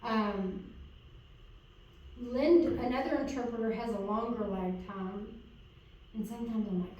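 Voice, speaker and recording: A woman coaching a student in interpreting, encouraging her and checking in again and again. Her voice sits a little high and sounds distant, caught in a very echoey room. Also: expressive, a little slow, long pauses, warm tone, a little hiss or hum. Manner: encouraging, checks in with repeated "okay?". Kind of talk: hands-on coaching lesson. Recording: echoey room, far from mic.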